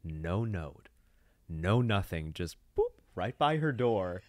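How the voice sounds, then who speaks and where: A man's voice: sits low, very animated, slow pace, darkish tone, no echo. A young man co-hosting a podcast, telling a rambling, playful story in casual chat. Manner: rambling, playful, prone to asides. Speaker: podcast co-host. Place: recording studio or room.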